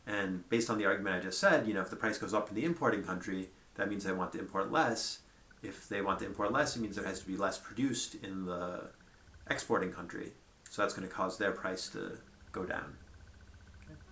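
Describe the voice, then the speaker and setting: A man gives a relaxed whiteboard lecture, talking through each step out loud and often checking in with his listeners. His voice sits on the low side and carries a gravelly edge. The room adds a noticeable echo. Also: a little fast. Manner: conversational, thinking aloud with frequent "right?" and "um".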